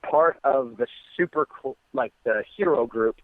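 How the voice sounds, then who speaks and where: An American man speaks over a phone line that is thin, narrow and tinny. His voice sits mid-range, and he talks in halting bursts full of ums and restarts. There is no room sound at all. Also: mid-range voice, dry recording. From United States. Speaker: guest fighter. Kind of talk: phone interview.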